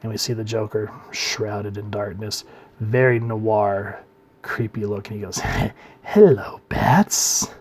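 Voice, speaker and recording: A man giving a casual comic book review, talking in a relaxed way and letting his phrase ends trail off quietly. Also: fairly low pitch, measured pace.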